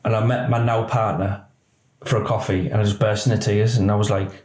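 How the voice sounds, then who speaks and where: A former police officer, speaking candidly in an interview, his story halting and emotional with many restarts. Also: fairly low pitch, little pitch movement, a little mellow. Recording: roomy echo.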